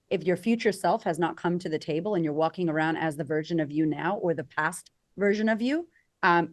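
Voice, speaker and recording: A woman coaching as a podcast guest, energetic and conversational, acting out quoted voices for emphasis. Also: on the low side. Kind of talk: conversational interview.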